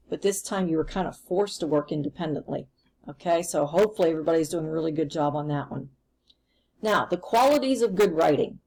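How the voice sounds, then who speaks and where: A woman's voice: fairly low pitch, darkish tone, rough recording. A woman teacher recording a remote lesson, explaining patiently and step by step.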